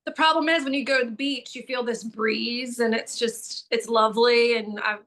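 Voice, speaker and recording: Brief: female guest, Southern accent, bright, high-ish voice, giggly chatter, video-call sound. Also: fairly even intonation, moderate pace. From Tallahassee, Florida. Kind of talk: casual video-call chat.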